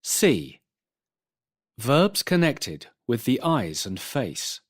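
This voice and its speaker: A man announcing section headings of a vocabulary textbook in a drawn-out, emphatic way. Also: mid-range voice, very animated, husky.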